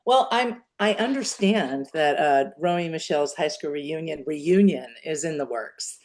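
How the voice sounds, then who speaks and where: A woman guest on a podcast, telling stories in an animated, laughing way. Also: sits low, moderate pace. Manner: animated storyteller, laughs often. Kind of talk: casual interview chat.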